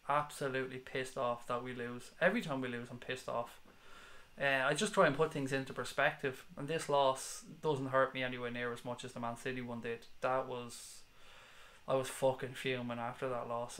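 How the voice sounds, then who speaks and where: A man in his 30s who hosts a football fan channel reads out viewers' comments on a live stream, chatting bluntly despite a headache. His voice is medium-pitched and fairly bright, and he's sweary and passionate.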